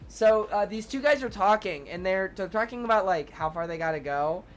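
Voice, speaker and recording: A man's voice: high voice, lively intonation, moderate pace, a little hiss or hum. Rambling young male streamer, swearing. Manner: rambling, fills every phrase with "like", swears a lot; breaks off to thank viewers, laughs at himself. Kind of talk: casual storytelling to a live chat.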